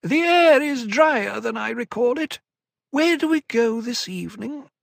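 A man voicing a small, wheedling male alien prisoner with a whining, elfin voice, pleading slowly. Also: expressive, vocal fry, fairly bright tone, no room sound, clean studio sound, exaggerated voice. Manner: slow, pleading, high-pitched. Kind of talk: audiobook character voice.

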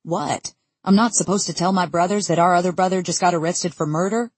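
An exasperated teenage boy with a hard-drinking streak, read by a woman narrator in a low, husky voice. His lines come blunt and impatient in a storybook reading, recorded close and dry with no room sound. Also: fairly even intonation, a little fast, dry recording.

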